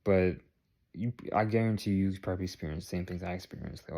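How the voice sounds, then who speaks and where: A man with a notably low, deep voice talks straight to his camera in a loose, rambling vlog. He circles back on his own phrases and keeps checking in with the viewer. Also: fast talker, darkish tone. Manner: rambling, repeats phrases, checks in with "all right?". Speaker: vlogger. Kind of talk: casual talk to camera.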